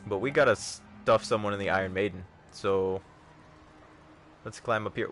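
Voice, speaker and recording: A man's voice: fairly low pitch, moderate pace, pauses often, fairly bright tone, soft background music. A man giving casual, joking commentary on a gaming livestream, chatting with viewers. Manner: chatty, joking, talks to chat. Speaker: streamer.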